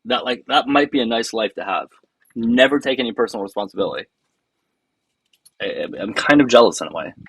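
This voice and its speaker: A man's voice: medium pitch, animated, a little fast, long pauses, slightly rough, no room sound, low-quality recording. A man hosting a casual political livestream, sarcastic and mocking as he talks to his chat. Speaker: livestream host.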